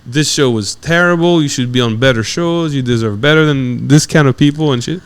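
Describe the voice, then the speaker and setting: Smooth-voiced French man telling stories. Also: medium pitch, fairly quick. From France. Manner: animated, acts out other people's voices in his stories. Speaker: guest comedian. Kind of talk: casual podcast storytelling.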